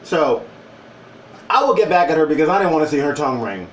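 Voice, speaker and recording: A man in his forties telling a personal story to camera in a wry, animated way. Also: a little high, fast, a little hiss or hum. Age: 40s. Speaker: vlogger. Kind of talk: casual storytelling. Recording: roomy, distant from the mic.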